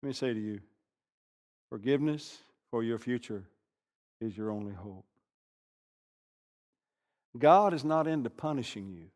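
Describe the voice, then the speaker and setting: An older man preaching a sermon, animated, swinging from loud bursts to hushed asides. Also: medium pitch, a little slow, long pauses. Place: church sanctuary. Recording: long reverb of a large hall.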